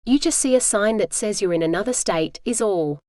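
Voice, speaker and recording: A woman's voice: medium pitch, animated, brisk, a little mellow, no echo, clean studio sound, natural voice. A woman voicing a charming young Texan hotelier. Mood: friendly. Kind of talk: audiobook character voice.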